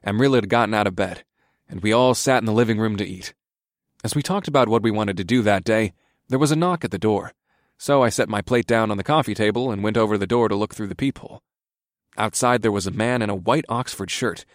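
A man's voice: lowish voice, brisk, no room sound, studio quality. A man narrating a first-person story in a wry, matter-of-fact way.

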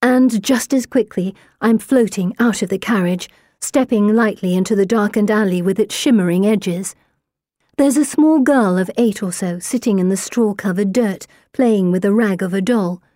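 Expressive woman reading a novel. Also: mid-range voice, moderate pace, no room sound, studio quality. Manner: expressive, rising to tense urgency. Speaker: audiobook narrator. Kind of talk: first-person novel reading.

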